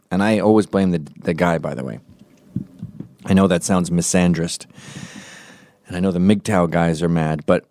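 Here the same kind of forties-aged comic speaks in a deep, darkish voice, recorded dry and clean in a studio. His podcast monologue is profane and full of strong opinions, and he slips into quoted voices while telling his stories.

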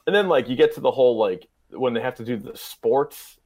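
A young man hosting a podcast, swapping stories about a favorite comedy with a friend. He talks in a loose, animated way, his pitch jumping as he acts out the characters' lines. He laughs a lot as he goes. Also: brisk, crowd noise. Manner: animated storyteller acting out movie quotes, laughing often. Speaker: podcast host. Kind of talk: casual chat.

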